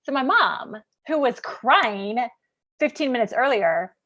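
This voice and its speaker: A woman in her thirties with a higher voice, from Kansas, talking casually to her livestream viewers. She is chatty and animated, and she scatters "like" through her sentences as she tells a personal story. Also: slow, dull audio. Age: 30s. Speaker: business coach.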